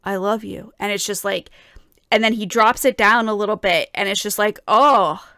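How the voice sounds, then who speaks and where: A woman's voice: mid-range voice, normal speed, bright, forceful tone, clean tone, no echo, clean studio sound. A young woman flute player reacting to a song, talking with enthusiasm and gushing praise, full of fillers and restarts. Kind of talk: casual reaction and analysis.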